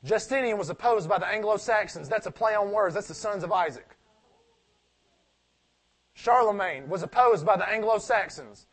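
A high-pitched male preacher delivering a sermon. He leans hard on his main points, then drops to soft, near-mumbled asides, and fires off rhetorical questions only to answer them himself. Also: animated, moderate pace, breathy edge. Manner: swings from loud emphatic preaching to quiet asides.

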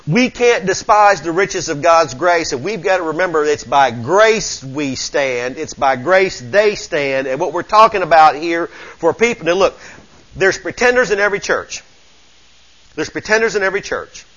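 A Southern man preaches in a folksy, emphatic way, calling out "come on now" to his congregation. His voice sits high and sounds bright and forward. The recording is muffled and lo-fi. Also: animated, normal speed. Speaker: pastor. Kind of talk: sermon.

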